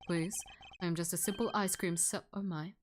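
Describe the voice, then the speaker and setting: A woman reading the lines of a polite, evasive male ice cream seller in a game, in a slightly lowered, unhurried voice. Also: steady tone, slight background noise, lightly acted.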